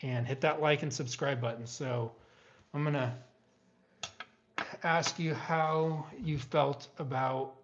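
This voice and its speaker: A middle-aged man hosting a casual live stream from home, talking in a halting way with many fillers. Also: a little high, steady tone, lo-fi sound, slight background noise.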